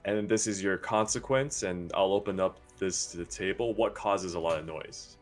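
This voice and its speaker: A man running a tabletop game as game master, talking in a relaxed, hesitant way with lots of fillers. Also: low-pitched, normal speed. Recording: faint music behind.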